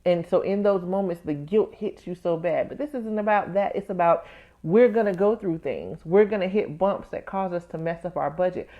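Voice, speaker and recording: Woman podcast host, low-ish voice, candid animated storytelling, calls listeners baby, dull lo-fi audio. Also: moderate pace. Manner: addresses listeners as "baby" and "y'all". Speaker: podcast host, tax professional. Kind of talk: casual personal podcast talk.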